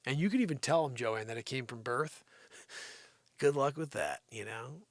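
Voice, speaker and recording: A man hosting a live comedy stream, rambling and teasing an unseen sidekick with a steady stream of "you know.". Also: mid-range voice, measured pace, gravelly, dry recording. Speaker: livestream comedy host. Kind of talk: improvised comedic rant.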